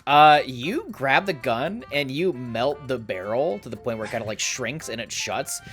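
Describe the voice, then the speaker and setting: A man's voice: medium pitch, animated, moderate pace, a bit bright, faint music behind. Laid-back male game master. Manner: laughing, casual, profane. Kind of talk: narrating a tabletop game.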